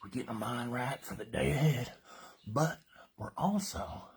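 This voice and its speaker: A man's voice: mid-range voice, normal speed, vocal fry, breathy edge. Playful winded man coaching a workout. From Colorado. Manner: playful, joking banter. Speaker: fitness host. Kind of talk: casual live workout coaching.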